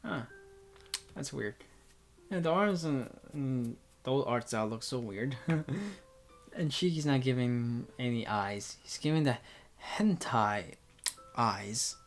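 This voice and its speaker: A woman reading a visual novel aloud and commenting, halting and stumbling over words. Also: very deep voice, animated, soft background music. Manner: halting, with restarts and laughs. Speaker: game reader.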